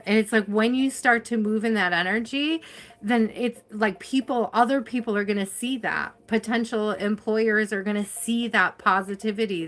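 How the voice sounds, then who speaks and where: Tired woman giving an encouraging tarot reading. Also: mid-range voice. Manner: warm encouraging, spiritual pep talk, reads names from chat; tired, yawning. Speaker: tarot reader. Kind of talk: live-stream tarot reading.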